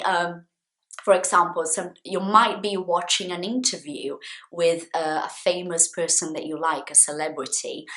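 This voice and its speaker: A woman teaching an English lesson to camera, repeating example phrases slowly with lively, acted intonation. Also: fairly low pitch. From Brazil. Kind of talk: friendly language lesson to camera.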